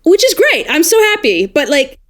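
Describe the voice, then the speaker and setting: Animated Australian woman, slightly high voice. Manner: animated, quick asides and self-corrections. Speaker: audiobook narrator and dialect coach guest. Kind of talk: casual podcast chat.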